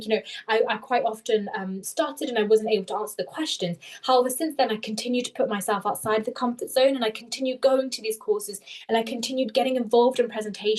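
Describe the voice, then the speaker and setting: A young woman coaching applicants through a live webinar over a video call. Her voice sits fairly high and she moves quickly, correcting herself as she goes. She sounds eager to explain. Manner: fast, animated, self-correcting explanations. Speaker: interview tutor.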